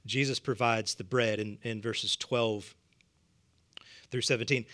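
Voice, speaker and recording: A man's voice: mid-range voice, lively intonation, slow pace, long pauses, bright, forceful tone. A man with a Southern US accent preaching a sermon, humorous and conversational, chuckling often. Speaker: pastor.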